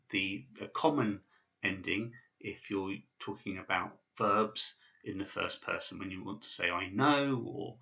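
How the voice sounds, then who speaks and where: A man's voice: fairly low pitch, creaky, pushed and bright, muffled recording. A man teaching basic pronunciation in a casual video lesson, with many fillers and restarts. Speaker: language teacher.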